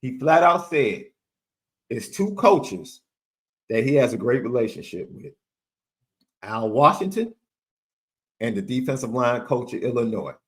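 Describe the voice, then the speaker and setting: A man's voice: mid-range voice, very animated, measured pace, long pauses. A man co-hosting a sports podcast, talking emphatically and repeating phrases for effect. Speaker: podcast co-host. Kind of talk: animated sports talk.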